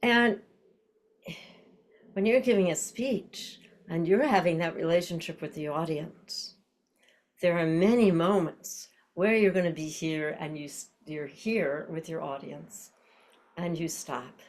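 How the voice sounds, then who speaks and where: An older woman teaches an online voice class in a low, grounded voice. She explains breath and posture reflectively and breaks into tongue-twisters and nonsense syllables to demonstrate. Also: measured pace, a little mellow.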